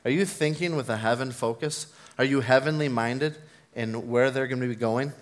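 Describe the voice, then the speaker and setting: A man's voice: medium pitch, normal speed. A man preaching a sermon, earnest and building to fervent emphasis, mixing in personal stories. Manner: tells personal stories with self-deprecating laughs.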